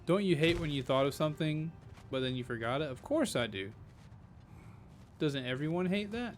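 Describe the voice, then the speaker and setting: A man's voice: on the high side, expressive, moderate pace, faint music behind. A man giving casual live-stream commentary while playing a game, playful and rambling, full of jokes. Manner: playful, joking, rambling asides.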